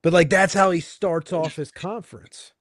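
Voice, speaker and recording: A man's voice: sits high, fairly even intonation, dry recording, studio quality. A man co-hosting a sports talk show, firing off incredulous questions. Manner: incredulous rapid-fire questioning. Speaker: podcast co-host.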